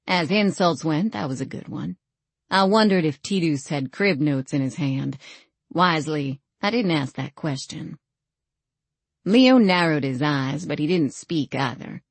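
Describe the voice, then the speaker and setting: A woman reading a first-person novel aloud as an audiobook narrator, in a measured, dry storytelling manner. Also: low voice, dry recording.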